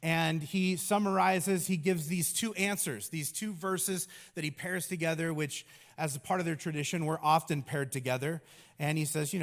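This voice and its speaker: A man's voice: a little high, normal speed, fairly bright tone. A middle-aged man preaching a conversational sermon as a pastor, casual and joking, with many fillers.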